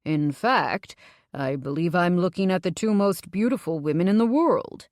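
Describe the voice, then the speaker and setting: A woman reading the part of an affectionate middle-aged father in an audiobook, speaking slowly and proudly. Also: on the low side, darkish tone, dry recording, studio quality, lightly acted. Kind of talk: audiobook dialogue.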